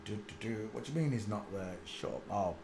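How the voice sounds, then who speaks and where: A man's voice: lowish voice, lively intonation, fairly quick, vocal fry, background noise. A man, rambling crudely through a casual live stream and mocking himself. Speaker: host. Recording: echoey room.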